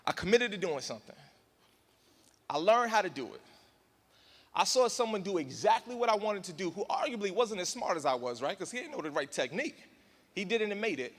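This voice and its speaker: A man telling a story to a crowd as a motivational speaker, his high, bright voice leaping all over the place as he acts out the scenes. The sound rings with the long reverb of a big hall. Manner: dramatic, acts out voices and screams, addresses crowd as y'all. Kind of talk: animated storytelling speech to an audience. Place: large hall in front of an audience.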